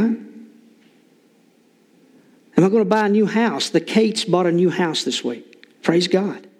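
A man's voice: fairly high pitch, a little mellow. An older man preaching an informal sermon in a church, folksy with joking asides and lots of fillers. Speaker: lay preacher.

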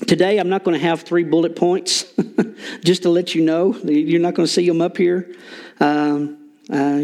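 A man's voice: on the high side, a little mellow. An older man preaching an informal sermon in a church, folksy with joking asides and lots of fillers. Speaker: lay preacher.

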